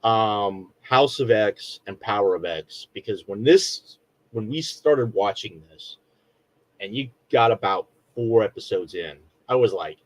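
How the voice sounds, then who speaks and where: A middle-aged man with a fairly low voice talks casually through a review. He rambles and restarts often, with plenty of fillers. He comes across as a relaxed podcast co-host. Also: a little slow, poor audio.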